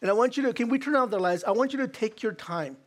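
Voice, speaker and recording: High-voiced man preaching earnestly. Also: lively intonation, quick pace. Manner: earnest, repetitive preaching with restarts and acted quotes. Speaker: pastor. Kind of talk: sermon. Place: church hall.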